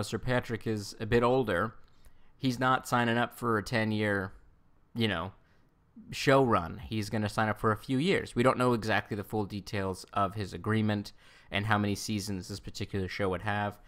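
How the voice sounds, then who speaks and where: Lowish voiced guy rambling thru news commentary, lots of ums and restarts. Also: fairly bright tone. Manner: rambling, many fillers and self-corrections. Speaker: Star Trek news commentator. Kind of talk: casual video commentary.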